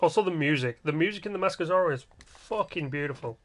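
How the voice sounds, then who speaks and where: A man's voice: a little high, animated, fast talker. A man casually commenting while building in a game livestream, joking and grumbling in a rambling way. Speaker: game streamer.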